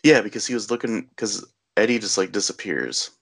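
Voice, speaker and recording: A man's voice: lowish voice, expressive, a little fast, gravelly, a bit bright, slightly rough, no room sound. A man casually recapping a movie scene by scene in a rambling, filler-heavy way, laughing along as he goes.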